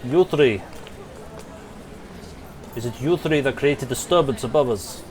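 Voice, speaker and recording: A man's voice: medium pitch, animated, measured pace, a little mellow, close to an everyday voice. A man doing a curt toy-soldier commander. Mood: stern.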